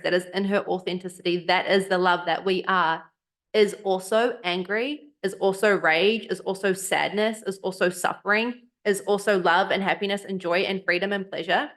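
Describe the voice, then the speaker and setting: A woman's voice: mid-range voice, a bit bright. A woman co-hosting a podcast in casual chat, reflective and earnest, sometimes acting out what others say. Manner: reflective, earnest, acts out quoted voices. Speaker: podcast co-host.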